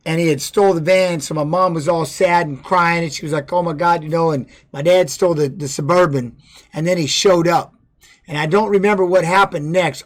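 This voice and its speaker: A middle-aged man telling his life story casually on a livestream, blunt and profane, often restarting and adding "you know what I mean". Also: a little high. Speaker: former fighter streaming to viewers.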